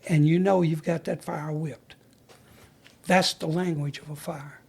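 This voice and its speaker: Older man, retired fire chief type, spins folksy yarns in a husky, high-set voice. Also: fairly even intonation, unhurried, darkish tone. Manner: folksy storyteller who acts out the dialogue he recalls. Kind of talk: storytelling interview.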